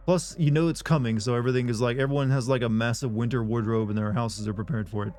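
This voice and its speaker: A man's voice: mid-range voice, fairly even intonation, fast, few pauses, a little mellow, faint music behind. A man on a live game stream chatting casually with viewers, rambling and offhand, with frequent swearing and restarts.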